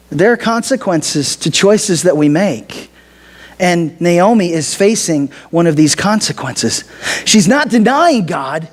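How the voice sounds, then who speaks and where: A man's voice: sits high, big pitch swings, unhurried. A man preaching a sermon as pastor, conversational and dramatic, acting out the figures' words with some humor.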